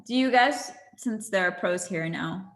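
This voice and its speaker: A woman's voice: medium pitch, expressive, unhurried, a bit bright, roomy sound. A woman hosting a casual livestream, chatty and laughing often with lots of fillers. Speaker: livestream host. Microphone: video call.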